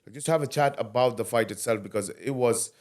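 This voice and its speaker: A man hosting a casual podcast interview, soft-spoken, often trailing off and restarting his questions. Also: medium pitch, fairly quick. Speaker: podcast host.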